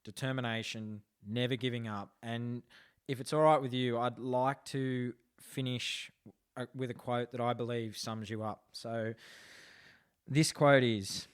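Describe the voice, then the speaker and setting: Smooth-voiced man hosting a podcast. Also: medium pitch, fairly even intonation, measured pace. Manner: earnest and effusive, reads a closing outro. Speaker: podcast host.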